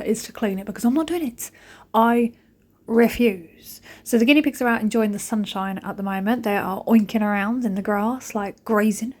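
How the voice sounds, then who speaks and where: A woman in her thirties talks over her cleaning vlog in a chatty, cheeky way. She tells jokey stories about home life with her family. Her pitch sits in a middle range. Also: brisk, darkish tone. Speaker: vlogger. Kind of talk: casual chat over cleaning footage.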